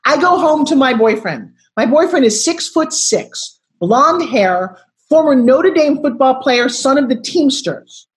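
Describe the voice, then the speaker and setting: A woman in her sixties, a guest on a video call interview, telling her story in an expressive, dramatic way. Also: high-pitched, a little slow.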